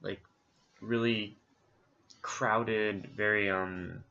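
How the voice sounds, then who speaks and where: Man, casual travel recap, rambling and relaxed, bright tone, muffled lo-fi audio. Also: on the low side, drawn-out words. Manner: relaxed, rambling with many fillers. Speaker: co-host recapping a trip.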